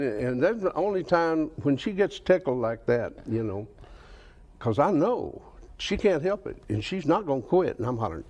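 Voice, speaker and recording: A man's voice: mid-range voice, sing-song, normal speed, background noise. A man in his fifties with a Southern US accent, a country singer telling folksy stories in a TV interview and laughing through them. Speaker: guest, country singer and author. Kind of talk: casual storytelling in a TV interview.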